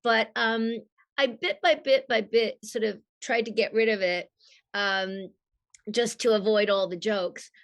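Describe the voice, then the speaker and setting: Husky woman with mid-atlantic accent, australian born, chatty and animated on a video call. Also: a little high, measured pace. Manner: animated storyteller, laughs often. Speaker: guest voice actress. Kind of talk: casual interview.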